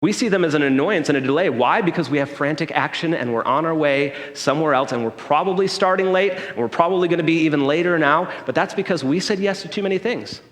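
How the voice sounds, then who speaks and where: A man's voice: on the high side, fast, few pauses. Man preaching in a reverberant hall. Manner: conversational, checks in with the room by asking "okay?". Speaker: pastor. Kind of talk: sermon with personal story. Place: church sanctuary.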